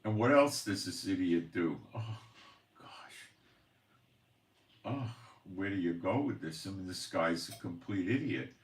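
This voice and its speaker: A very low-voiced man rambles on in an exasperated, complaining tone, often sighing. He sounds set back from the microphone in a roomy, echoing space. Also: lively intonation, normal speed, hardly any pauses, recorded from a distance. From Israel. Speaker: channel host, prophecy commentator. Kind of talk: rambling personal monologue. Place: home in the Galilee, Israel. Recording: roomy echo, voice off-mic.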